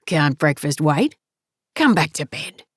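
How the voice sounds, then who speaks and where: Woman reading a groggy husband, low-key and coaxing, fond. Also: very animated, slow pace, no echo, studio quality, heavily acted. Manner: drowsy, coaxing. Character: affectionate, groggy older husband.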